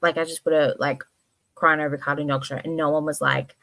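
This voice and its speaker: A woman hosting a casual livestream, rambling and expressive, swearing casually and reading chat comments aloud. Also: sits low, quick pace. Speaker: livestream host.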